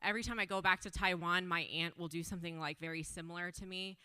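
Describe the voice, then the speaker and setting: A woman's voice: fairly low pitch, steady tone, quick pace, bright, forceful tone, clear, resonant tone, no room sound. Giggly young woman doing stand-up. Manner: self-deprecating, giggly, lots of fillers. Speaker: stand-up comedian. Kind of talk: stand-up set. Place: brewery event stage.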